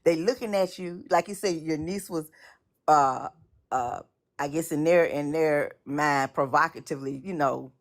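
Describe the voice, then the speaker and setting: Woman, very low voice, casual chat, rambling and repetitive delivery. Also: unhurried. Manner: rambling, repeats words, many fillers. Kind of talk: casual conversation about church experiences.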